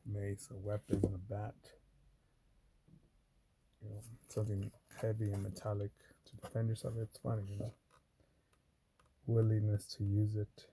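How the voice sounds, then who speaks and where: A man's voice: fairly low pitch, gravelly, mellow, slight background noise. A man talking in a loose, meandering way while sorting coins, with lots of fillers and cursing. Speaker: coin roll hunter. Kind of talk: casual rambling vlog talk.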